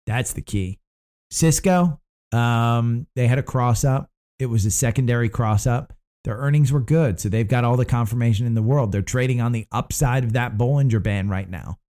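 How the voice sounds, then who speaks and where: A man's voice: medium pitch, normal speed, mellow. A man from the United States hosting a casual stock market show, rambling through his picks with lots of fillers and restarts.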